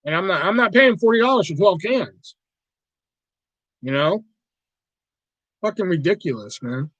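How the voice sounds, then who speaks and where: A man's voice: high-pitched, animated, unhurried, a bit bright, no room sound, dull audio. A man hosting a casual livestream, rambling and swearing a lot as he talks to his viewers. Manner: rambling, profane, easily riled. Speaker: livestream host.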